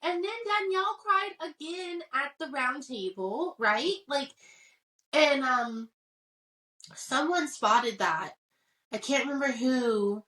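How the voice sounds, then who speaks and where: A woman co-hosting a pop culture podcast, chatting casually and retelling gossip with quick reactions. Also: sits high, sharp tone, recorded from a distance. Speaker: podcast co-host. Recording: roomy sound, mic farther off.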